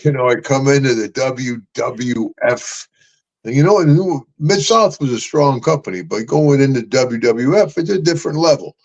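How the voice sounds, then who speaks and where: A man's voice: medium pitch, animated, normal speed, dull audio. An older man hosting a podcast, rambling through stories with laughs and calling people brother and man. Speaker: podcast host. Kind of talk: casual storytelling chat.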